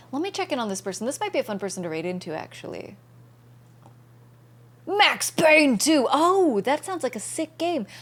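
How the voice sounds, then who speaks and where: A young woman streaming a game, chatting casually and bubbly with viewers and thanking them by name. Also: a little high.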